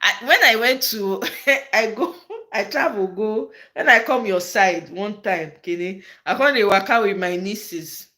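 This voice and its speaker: A woman's voice: medium pitch, measured pace, bright, forceful tone. A woman with a Nigerian accent hosting a casual live-stream chat, switching into Pidgin and answering viewers by name. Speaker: host of a live political chat channel.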